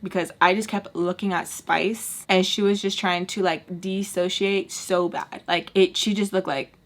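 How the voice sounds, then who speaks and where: A woman in her twenties telling a story on her vlog in a lively, casual way, full of "like" and swearing. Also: on the low side, unhurried. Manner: animated, filler-heavy, swearing. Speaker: vlogger.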